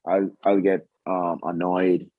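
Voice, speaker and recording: Low husky guy on a dull lo-fi video call, easygoing, rambles. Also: little pitch movement, slow, no echo. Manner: laid-back, rambling, repeats himself. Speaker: guest on a call. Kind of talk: casual chat on a video call.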